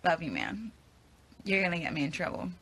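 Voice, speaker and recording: Gravelly, bright-voiced young woman rambling. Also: on the low side, wildly swooping pitch, brisk. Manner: rambling and hesitant, stumbling over words. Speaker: actress answering fan questions. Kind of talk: casual live Q&A with fans. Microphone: phone at arm's length.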